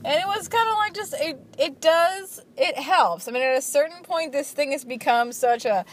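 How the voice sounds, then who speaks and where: A woman's voice: sits high, moderate pace, a little hiss or hum. A young woman chatting casually in a daily video diary, rambling and enthusiastic with lots of fillers. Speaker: vlogger reviewing a film daily.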